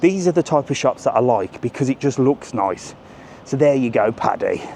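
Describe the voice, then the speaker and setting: A man walks and talks on a live vlog, chatty and cheeky, addressing his viewers directly. His voice sits at an ordinary middle pitch. It is recorded outdoors on a handheld mic, with faint street and traffic noise behind him. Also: animated, moderate pace, warm tone. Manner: chatty, cheeky, talks straight to viewers and reads their messages. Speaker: travel vlogger on a live walking stream. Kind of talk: casual live-stream walking commentary.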